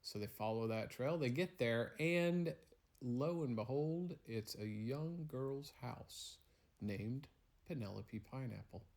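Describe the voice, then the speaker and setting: A man's voice: medium pitch, lively intonation, takes it slowly, a little mellow. A man spinning a playful, rambling bedtime story at home. He narrates in an easy, teasing way, making it up as he goes. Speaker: parent telling a bedtime story.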